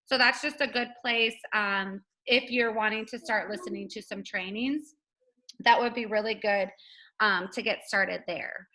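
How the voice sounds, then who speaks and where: Bright, upbeat woman. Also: mid-range voice, fairly even intonation, measured pace, poor audio. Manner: chatty, upbeat, laughs often. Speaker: host of a team video call. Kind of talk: casual group call. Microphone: video call.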